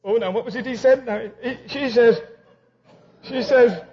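A man's voice: very high-pitched, moderate pace. A man preaching a humorous sermon who tells stories and acts out both sides of conversations. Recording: dull lo-fi recording.

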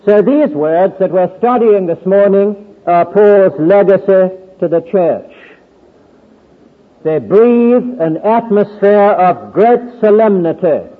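A man giving a formal Bible exposition at a convention, measured and deliberate with occasional hesitant fillers. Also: high-pitched, lively intonation, in a large hall, phone-quality sound. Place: large tent.

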